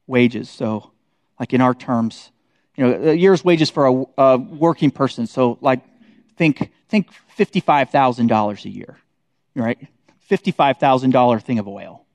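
A man's voice: medium pitch, darkish tone, no room sound. A man leading a casual Bible study, talking conversationally and often checking in with his listeners. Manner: conversational, many "like" and "right?" tags.

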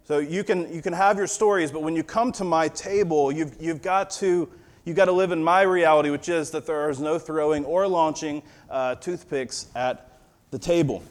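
A male pastor in his thirties reading scripture, then preaching in a relaxed storytelling way with a fatherly touch of humor. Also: on the high side, normal speed. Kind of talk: sermon.

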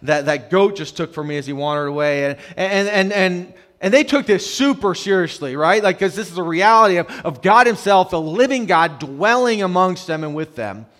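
Guy preaching a sermon, kinda high voice, drops real quiet then builds up loud, stutters on repeats. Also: lively intonation, moderate pace, few pauses. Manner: conversational preaching that swings from loud emphasis to hushed near-whispers; repeats words when starting phrases. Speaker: pastor.

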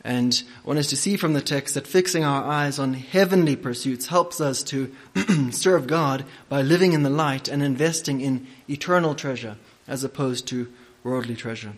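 A man preaching a sermon and leading prayer, speaking deliberately with frequent hesitations. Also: medium pitch.

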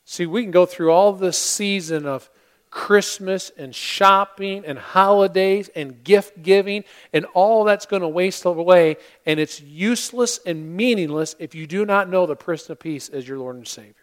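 In a church sanctuary, a male pastor with a high-pitched voice gives an earnest Christmas-season sermon, using dramatic pauses and acting out the voices in a story.

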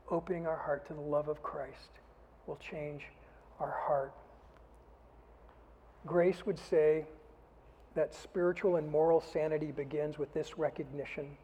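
Husky-voiced pastor in a reverberant hall. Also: male voice, on the high side, lo-fi sound. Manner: earnest, often dropping to a soft, intimate delivery. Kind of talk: sermon.

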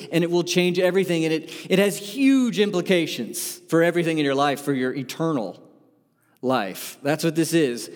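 A male pastor delivers an earnest sermon, pressing his listeners with repeated questions. His voice sits a little high for a man. A long hall reverb trails behind his words. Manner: earnest, emphatic preaching with rhetorical questions.

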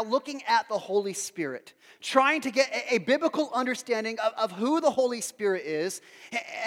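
A pastor preaching a sermon as an emphatic storyteller, building to loud, passionate peaks. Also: male voice, extremely high pitch, long reverb tail.

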